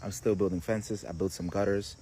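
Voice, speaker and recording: A married man answering a viewer comment in a sarcastic, animated way. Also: lowish voice, a little fast, a little hiss or hum. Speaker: married vlogger. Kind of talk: response video to a comment.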